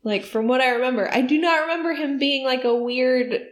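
A woman's voice: high-pitched, fairly quick, echoey room. A woman chatting casually and sarcastically while watching a movie, swearing now and then. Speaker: movie watch-along commentator. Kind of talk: casual chat over a movie.

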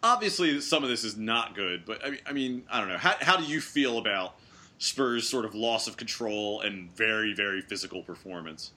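A man hosting a casual sports chat podcast with a bright, forceful voice pitched a little low. He talks in an animated, sarcastic way, full of quick asides. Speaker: podcast host.

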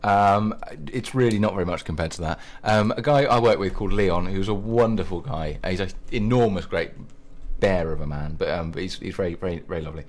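A male radio host with a slightly low voice talks in a loose, rambling way. He stops and restarts his sentences and fills the pauses with ums. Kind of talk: casual radio chat.

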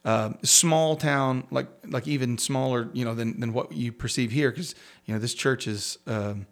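A man, a pastor, telling a personal story in a casual interview, talking in halting bursts with many restarts and self-deprecating chuckles. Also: medium pitch.

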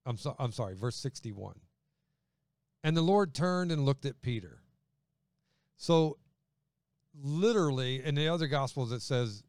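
A man's voice: medium pitch, expressive, unhurried, pauses often, darkish tone, no room sound, clean studio sound. A man preaching a sermon in a conversational way, acting out quoted voices as he goes. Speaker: pastor.

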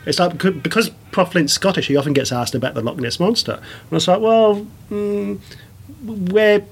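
A man who grew up abroad after being born in England, telling stories with animated enthusiasm and many restarts as an interview guest. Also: fairly high pitch, quick pace, creaky, husky. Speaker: guest, science communicator and performer. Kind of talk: casual storytelling interview.

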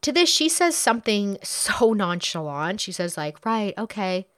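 A woman recounts a true crime case in a chatty, blunt way, swearing as she goes and slipping into quoted voices. Her pitch swings widely and expressively. The sound is close and dry, with no room echo. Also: sing-song, unhurried, fairly bright tone. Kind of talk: casual true crime retelling.

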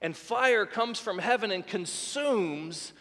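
A man's voice: high voice, expressive, takes it slowly, fairly bright tone. A man preaching a sermon as a pastor, retelling a scripture story vividly with quoted dialogue. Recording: long reverb of a large hall.

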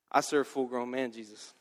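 A male pastor preaching a sermon in a casual, joking, lively way. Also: mid-range voice, long reverb tail.

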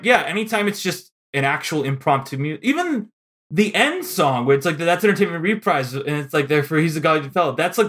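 Man, podcast co-host, fairly high pitch, casual rambling film chat, frequent fillers. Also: fairly bright tone. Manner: chatty, lots of fillers, breaks into laughter.

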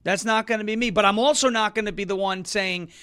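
A man hosting a political talk show, animated and sarcastic, with sudden loud emphatic bursts. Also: high-pitched, quick pace, smooth. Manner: sarcastic, mocks opponents in put-on voices.

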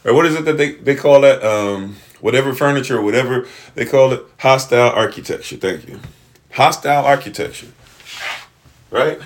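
Mid-range and at normal speed, a man's voice carries a lecturing livestream talk. He stumbles into restarts, leans on a rhetorical "right?" again and again, and sometimes addresses the live chat or someone beside him off-mic.

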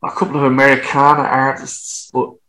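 A man's voice: medium pitch, completely flat delivery, brisk, bright, forceful tone, rough recording. An Irish man in his fifties, a musician guest telling an anecdotal story in casual interview talk, swearing freely. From Ireland.

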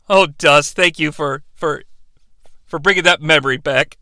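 A man's voice: on the high side, unhurried, pushed and bright, no echo. A man co-hosting a podcast, giving a rambling, sarcastic recap of a TV episode and acting out the characters' lines. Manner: sarcastic, rambling, acts out dialogue. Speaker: podcast co-host.

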